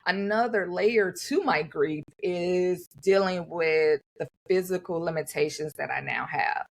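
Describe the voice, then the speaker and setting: A woman's voice: fairly low pitch, measured pace, creaky. A woman co-hosting a podcast, talking candidly and acting out what others said to her. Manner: animated, acts out others' remarks in quotes. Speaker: podcast co-host. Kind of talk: candid conversational storytelling.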